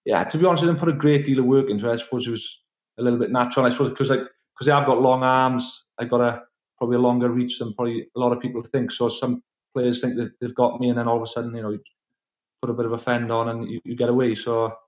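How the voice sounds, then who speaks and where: Relaxed Welsh man in a roomy room. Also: mid-range voice, fast talker, highs cut off. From Wales. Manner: relaxed, hesitant, self-deprecating. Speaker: guest, retired rugby player. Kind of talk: casual chat.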